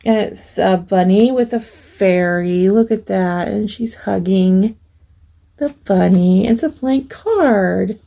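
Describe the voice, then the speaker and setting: A middle-aged woman hosting a craft vlog, gently showing off mail she received and gushing over each piece. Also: mid-range voice, vocal fry, rough recording. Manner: slow, gentle, gushing over small things. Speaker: craft channel host. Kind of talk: casual show-and-tell vlog.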